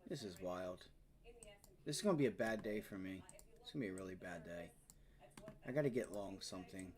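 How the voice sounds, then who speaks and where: A man's voice: sits low, expressive, fairly quick, darkish tone. A man hosting a live day-trading stream, frustrated and swearing, muttering to himself as he talks to viewers. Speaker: day trading livestream host.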